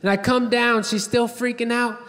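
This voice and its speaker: A man's voice: extremely high pitch, level tone, moderate pace, a bit bright. A man doing a stand-up comedy set on a theater stage, telling brash, profane stories and acting out what people said. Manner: brash, profane storytelling with acted-out quotes. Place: large theater stage before a live audience. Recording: live theater with long reverb. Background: audience laughter.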